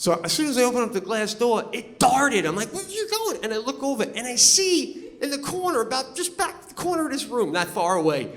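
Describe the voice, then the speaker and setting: A man performing stand-up comedy on stage, telling stories in a loud, animated way and yelling his punchlines. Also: extremely high pitch, brisk, few pauses, big-room sound. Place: comedy stage before a live audience.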